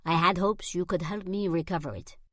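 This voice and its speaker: A woman's voice: on the low side, a little fast, fairly bright tone, no echo, clean studio sound, natural voice. A woman voicing an older male French jeweler with a French accent, speaking politely and carefully in an audiobook. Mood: guarded, formal.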